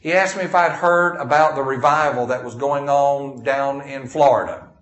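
A man's voice: mid-range voice, moderate pace, a bit bright, muffled recording. A man preaching a sermon, telling folksy stories and reading scripture in King James wording. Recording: echoey room.

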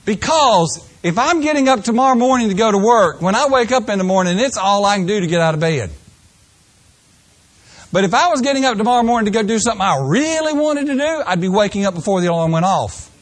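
An older man with a high-pitched voice delivers a folksy sermon. He slips into mock voices to act out people's excuses, then drops back into plain, earnest preaching. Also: lively intonation, fast talker.

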